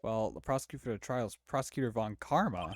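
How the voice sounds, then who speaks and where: A man's voice: lowish voice, expressive, fast talker, a little hiss or hum, lightly acted. A man doing a folksy police detective, says pal. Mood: blunt. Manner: folksy, calls everyone pal. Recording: game music behind.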